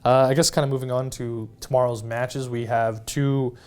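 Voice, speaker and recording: A man's voice: mid-range voice, level tone, darkish tone, clear, resonant tone. A man co-hosting an esports recap in casual chat, hedging a lot with "like" and "I guess.". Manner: fast and loose, hedging with "like" and "I guess". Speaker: esports co-host. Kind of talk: casual game analysis chat.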